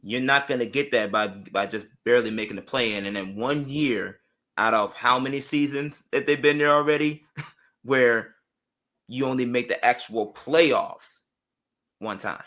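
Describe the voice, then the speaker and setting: Man guest on a sports show, bright and sharp tone, opinionated, quick to make his point. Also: mid-range voice. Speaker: guest analyst. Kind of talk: casual sports talk.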